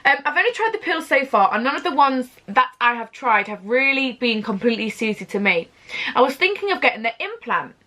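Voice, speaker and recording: A young woman from England co-hosting a casual chat with a friend, giggly and animated, often talking fast over her friend. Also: on the high side. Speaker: co-host.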